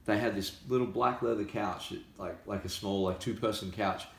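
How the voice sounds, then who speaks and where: An Australian man spinning a lively story in casual chat, slipping into the voices of the people in it. His low voice has a gravelly edge yet sounds bright and forceful. The room around him is echoey. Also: moderate pace. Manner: animated storyteller acting out quoted voices. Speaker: musician.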